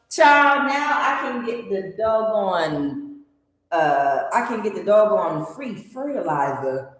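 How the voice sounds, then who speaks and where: A middle-aged woman hosting a tarot channel, telling a story to her viewers in a lively, exclaiming way with frequent laughter. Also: on the high side, a little slow. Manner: animated, exclaiming, laughing often. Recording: very echoey, reverberant room.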